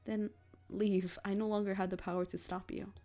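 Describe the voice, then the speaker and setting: A woman voicing a brooding young man, a fallen dreamy prince, reading a visual novel aloud in a quiet, pleading, melancholy way. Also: mid-range voice, little pitch movement, moderate pace, close to an everyday voice.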